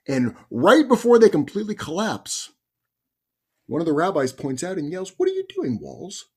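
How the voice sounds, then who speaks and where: A man who is a rabbi, telling stories in a conversational, animated sermon. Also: a little high, husky. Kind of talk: sermon storytelling.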